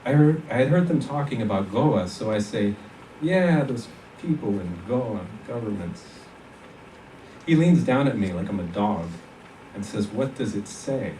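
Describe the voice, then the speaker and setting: A rough young soldier, blunt and bitterly self-mocking, as a man reading a story aloud gives him voice. The voice sits a bit low and comes from well back from the mic. A roomy hall echo and faint ambient noise hang around every line. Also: warm tone. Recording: echoey hall from far off.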